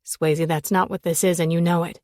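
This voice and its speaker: A woman voicing a grieving widowed male professor in an audiobook, speaking low, quiet and measured. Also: flat delivery, dry recording, clean studio sound, lightly acted. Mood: intent. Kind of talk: audiobook character reading.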